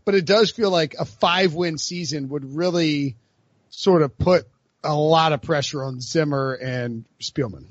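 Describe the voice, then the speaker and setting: Give me a man with a slightly high voice hosting a rambling sports chat, recorded dry and dull. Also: measured pace, dry recording. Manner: rambling, many fillers and restarts. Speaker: host.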